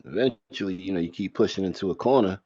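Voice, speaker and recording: A man with a very deep, dark voice talks fast and drives his point home by saying it again. His sound is dull and lo-fi. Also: husky. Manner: emphatic, repeats his point. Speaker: panel guest. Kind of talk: casual online panel chat.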